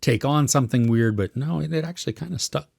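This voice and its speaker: Talking quickly in a creaky, darkish medium-pitched voice, a podcast co-host gives a casual take on a series he watched while fumbling for words. The audio is clean studio sound without any room sound.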